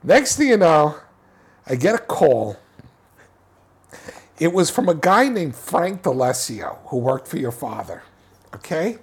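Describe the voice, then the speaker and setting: A man telling a film anecdote in an interview, animated, with many restarts and repeated words. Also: fairly high pitch, unhurried, pauses often, breathy edge. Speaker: filmmaker guest. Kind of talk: casual storytelling interview.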